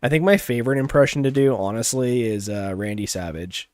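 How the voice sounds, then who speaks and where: A man's voice: medium pitch, fairly quick, a little mellow, no echo. A man streaming a game live, chatting casually in a laid-back, chill way and chuckling often. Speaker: gaming streamer. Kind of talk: casual gaming livestream chat.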